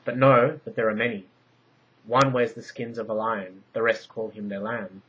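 A man reading a story aloud, voicing a grave female oracle who speaks in solemn, measured prophecies. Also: on the low side, little pitch movement, fairly bright tone, a little hiss or hum, close to an everyday voice. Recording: dull lo-fi recording.

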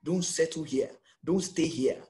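A man's voice: fairly high pitch, measured pace, warm tone. A man with a Nigerian accent preaching an emphatic sermon as pastor, full of rhetorical questions.

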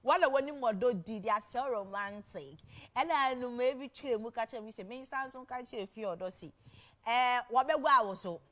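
A woman's voice: fairly high pitch, moderate pace, a bit bright. A young woman with a Ghanaian accent hosting a TV talk show, chatting casually and animatedly, laughing often and switching languages. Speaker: TV show host. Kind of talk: casual chat mixing English and Twi.

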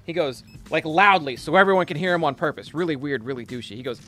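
A man's voice: a little high, lively intonation, fast, fairly bright tone. A young man streaming a game, chatting casually and telling a profane story while reading chat.

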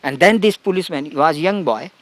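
A man, a spiritual teacher, giving a satsang talk and telling a story in halting, broken English full of restarts. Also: a little high, no echo. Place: outdoor gathering spot.

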